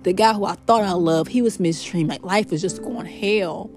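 A woman hosting a podcast, telling her spiritual testimony in an emotional, expressive way. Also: medium pitch, moderate pace, faint music behind. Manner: emotional, expressive, faith-filled storytelling. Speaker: podcast host.

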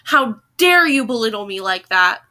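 A woman's voice: on the high side, very animated, normal speed, bright, forceful tone. A woman voicing a touchy middle-aged male writer with an Anglo accent who shifts between apologetic and accusing. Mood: furious. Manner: apologetic then bitter and accusing.

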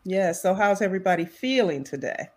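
A woman's voice: medium pitch, lively intonation, a little fast, darkish tone. A woman hosting a casual morning talk show, welcoming guests and laughing often. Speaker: host. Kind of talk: casual chat.

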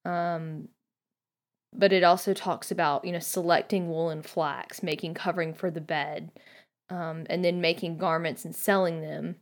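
Soft-spoken young woman, low-pitched. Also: steady tone, a little slow. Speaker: guest podcast host. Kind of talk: casual reflective commentary.

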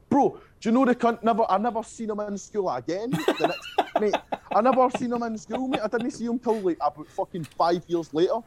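Recalling his school days in a casual interview, a young musician from Scotland rambles and swears, his speech full of fillers. His high voice is expressive and brisk, with a darkish tone.

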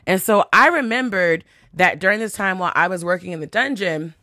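A woman's voice: lowish voice, brisk, bright, forceful tone, dry recording, studio quality. A woman hosting a podcast, telling a story in a chatty, profane way, full of fillers and acted-out quotes. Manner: chatty, profane, heavy use of "like", acts out quotes. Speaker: podcast host. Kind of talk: casual storytelling. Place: New York City.

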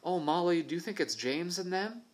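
A man voicing an eager, curious young boy who asks lots of questions and gets excited easily. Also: high-pitched, moderate pace, pitched above the performer's own voice.

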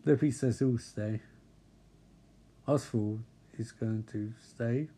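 Brief: male recap comedian, deadpan and snarky, warm mellow tone, middle pitch. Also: slow pace, slightly rough. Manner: deadpan, mocking, profane asides. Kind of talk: sarcastic episode recap.

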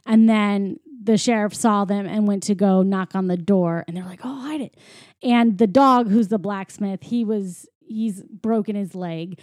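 A woman's voice: mid-range voice, unhurried, hardly any pauses, dry recording, clean studio sound. A woman in casual chat, animatedly retelling a film and acting out the characters' lines. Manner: animated storyteller, acts out characters' lines, swears freely. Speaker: podcast co-host.

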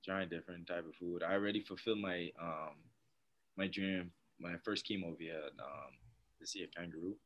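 A young man, a guest on a podcast, telling stories in a laid-back, soft-spoken way with frequent laughs. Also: low voice, fairly even intonation, brisk, highs cut off. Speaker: guest, professional baseball player. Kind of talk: casual interview chat.

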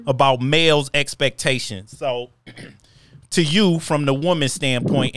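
Smooth-voiced male podcast host. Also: medium pitch, a bit bright, dry recording, studio quality. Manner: easygoing, laughs along, asks long questions. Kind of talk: podcast interviewing.

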